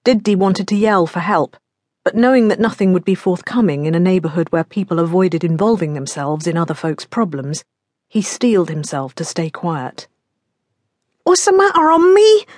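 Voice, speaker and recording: A woman reading a mystery audiobook in a measured storytelling manner. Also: on the low side, a little mellow, no room sound, studio quality. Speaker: audiobook narrator. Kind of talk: scripted narration.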